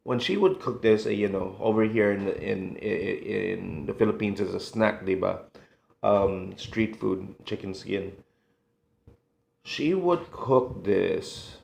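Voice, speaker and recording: A middle-aged man from the United States, a food vlogger reminiscing in a halting, emotional way, sighing between thoughts. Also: on the low side, gravelly, darkish tone, slight background noise. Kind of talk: casual reminiscing monologue. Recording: echoey room.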